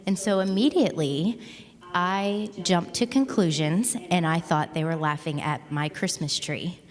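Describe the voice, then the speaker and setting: A woman with a lower voice shares a story about a misunderstanding with a friend. She talks candidly and pokes fun at herself. Her voice rings with the long reverb of a church hall. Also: unhurried. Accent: American. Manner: candid, self-mocking, laughs at herself. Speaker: panel guest at a women's church event. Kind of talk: casual storytelling on stage.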